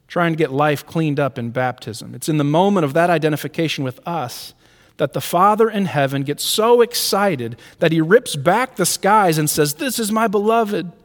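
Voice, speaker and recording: A man preaching a sermon as pastor, earnest, often dropping his voice very low and soft for tender lines. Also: long reverb tail.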